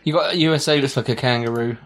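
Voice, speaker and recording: A man's voice: medium pitch, fast talker, a bit bright, faint music behind. A man co-hosting a podcast, bantering and teasing the others in casual chat. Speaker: podcast co-host.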